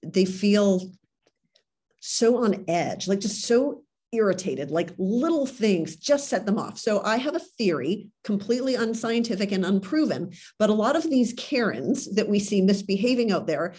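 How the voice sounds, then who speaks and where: Woman doctor guesting on a podcast, earnest, says like and right a lot, mid pitch. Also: very animated, moderate pace, a little mellow, husky. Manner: earnest, conversational, fond of "like" and "right". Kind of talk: casual podcast interview.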